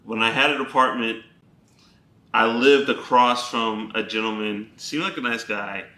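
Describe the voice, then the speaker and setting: A man's voice: on the low side, measured pace, bright, forceful tone, reverberant. A man co-hosting a podcast watch party, telling a story with lots of laughter and acted-out quotes in casual chat. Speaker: podcast co-host.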